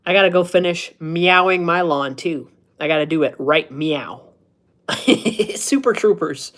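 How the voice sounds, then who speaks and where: A man's voice: fairly high pitch, animated, takes it slowly, a bit bright. A man in his thirties chatting casually on a live stream from home, rambling, self-mocking and laughing at his own jokes. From United States. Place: at home, indoors.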